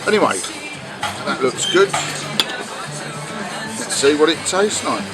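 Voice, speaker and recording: A man's voice: a little high, expressive, slow pace, over loud music, poor audio. A man giving jokey, mock-patriotic travel commentary in a casual, rambling way. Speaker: travel vlogger.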